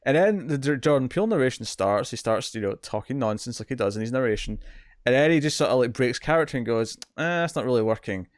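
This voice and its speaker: A man's voice: medium pitch, quick pace, no echo. Rambling British man reviewing TV, dry sound. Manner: rambling, repeats words, acts out scenes in quotes. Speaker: podcast co-host reviewing TV. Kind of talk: casual review chat.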